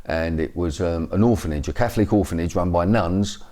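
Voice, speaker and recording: A man's voice: low-pitched, fairly quick, warm tone. A Cockney man in his fifties telling his life story in an interview, rambling with many fillers and restarts. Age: 50s. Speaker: interview guest. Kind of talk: personal account in an interview.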